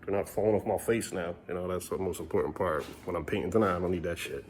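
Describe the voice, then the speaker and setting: Low-voiced dad muttering home vlog. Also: male voice, fast talker, slight background noise. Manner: mutters low asides, then raises voice sternly at kids. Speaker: father vlogging family life. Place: family home indoors. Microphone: handheld phone.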